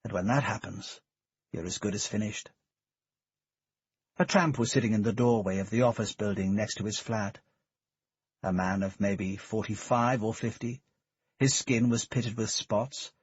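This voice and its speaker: Husky male audiobook narrator. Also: on the low side, no echo. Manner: measured, steady reading. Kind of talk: scripted narration. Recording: dull, dry studio recording.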